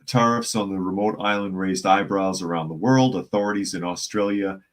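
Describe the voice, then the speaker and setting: A man's voice: deep voice, moderate pace. A man hosting a casual news commentary stream, reading articles aloud and greeting live chat viewers in a conversational way. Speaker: host.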